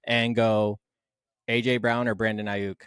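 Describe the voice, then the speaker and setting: A man co-hosting a casual sports podcast, arguing his side with animated, swearing talk. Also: lowish voice, unhurried, clear, resonant tone, no echo, clean studio sound. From Philadelphia Eagles fan. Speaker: podcast co-host.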